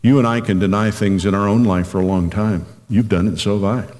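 Man preaching a sermon, low voice, reverberant. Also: fairly even intonation, darkish tone. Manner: earnest preaching, slow deliberate scripture reading. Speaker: pastor.

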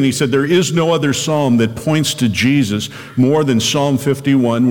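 A man preaching a sermon as pastor, reading scripture slowly and earnestly. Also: fairly low pitch, a little mellow, long reverb tail.

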